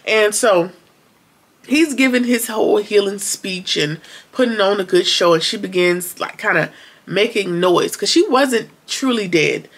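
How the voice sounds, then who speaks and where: A woman with a gravelly, fry-tinged voice gives a relaxed recap of a TV episode. She talks colloquially, with sarcastic asides between her retellings. Her voice sits at a middle pitch. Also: measured pace. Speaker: TV episode reviewer.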